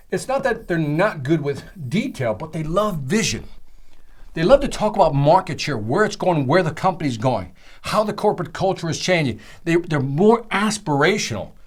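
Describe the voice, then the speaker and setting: A middle-aged man teaching a sales seminar, excitable and emphatic, speaking straight to his listeners. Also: fairly high pitch. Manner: animated, excitable, emphatic, talks to the listener directly. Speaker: sales trainer.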